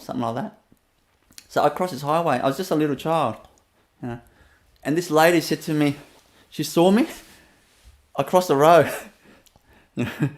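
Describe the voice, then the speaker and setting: Vietnamese-accented man, laughing as he talks. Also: a little high. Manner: laughs often, loose and rambling with many fillers. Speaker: spiritual teacher. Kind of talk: storytelling webinar talk.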